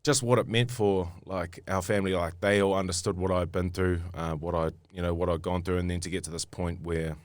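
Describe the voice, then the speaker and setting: Low-voiced New Zealand man telling stories. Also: steady tone, brisk, hardly any pauses, no echo. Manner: rambling, many fillers and restarts. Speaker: guest rugby player. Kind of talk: casual podcast storytelling.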